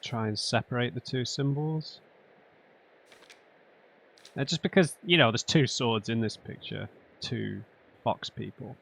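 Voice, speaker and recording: A man's voice: medium pitch, a little slow, vocal fry, pauses often, a bit bright. A man doing let's play commentary, thinking aloud and muttering to himself while he works through a puzzle. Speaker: gamer.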